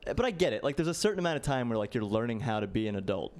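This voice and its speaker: A man's voice: medium pitch, big pitch swings, very fast, darkish tone. Self-deprecating young male stand-up comic. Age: late 20s. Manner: casual, self-deprecating, lots of "like". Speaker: stand-up comedian. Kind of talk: stand-up comedy set. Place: stage before a live audience.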